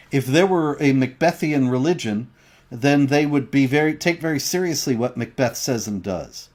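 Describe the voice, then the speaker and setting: Man, livestream co-host, emphatic explanatory delivery, reads viewer chat aloud, medium-pitched voice. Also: a little mellow.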